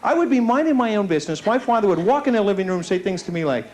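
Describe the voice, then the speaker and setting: A man's voice: sits high, sing-song, very fast, a little mellow. A man doing a stand-up comedy set, telling self-mocking stories and slipping into put-on voices. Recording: faint hiss from an old VHS tape. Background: audience laughter.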